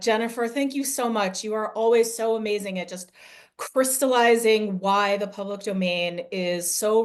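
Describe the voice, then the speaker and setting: A woman emcee at an event speaks with a mid-range voice. Her delivery is effusive and gushing as she thanks one speaker and brings on the next. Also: medium pitch. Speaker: event host. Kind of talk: hosting remarks.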